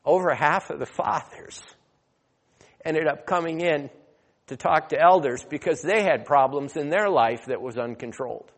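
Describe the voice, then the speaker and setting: A man preaching a sermon, telling a story and then growing loud and emphatic as he exhorts. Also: fairly high pitch, moderate pace. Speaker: pastor. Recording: long hall reverb.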